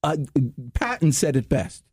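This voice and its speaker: A male radio host gives sales tips in a joking, teasing way, often calling out to "ladies and gentlemen." His voice sits high and swoops all over the place. The studio mic sounds dry and close. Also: a little slow, dry recording. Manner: animated, teasing, addresses listeners as ladies and gentlemen. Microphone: studio microphone.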